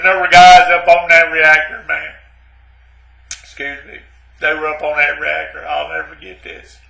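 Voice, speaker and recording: A man's voice: on the high side, pushed and bright, echoey room, full character voice, rough recording. A man playing a rambling, self-pitying ex-Navy man who stammers and keeps saying "man" in a comic monologue. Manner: rambling, repeats "man" and "but anyway", stammers.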